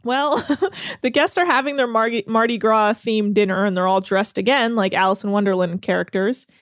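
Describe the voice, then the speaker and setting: A woman co-hosting a podcast, recapping a reality show in an animated, sarcastic way, laughing and swearing often. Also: medium pitch, normal speed, no echo, clean studio sound. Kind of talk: casual chat.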